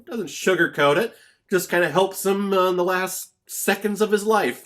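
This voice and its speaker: A man's voice: sits high, normal speed, a bit bright. A young man giving a casual movie review vlog, blunt and opinionated with jokey rants.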